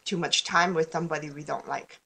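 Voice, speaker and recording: A woman with a somewhat low voice talks as a guest on a casual podcast. She rambles, breaks off and restarts her sentences, and laughs easily as she explains her ideas. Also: fairly even intonation, fairly quick, gravelly, bright, forceful tone, slight background noise. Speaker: guest speaker on law of attraction.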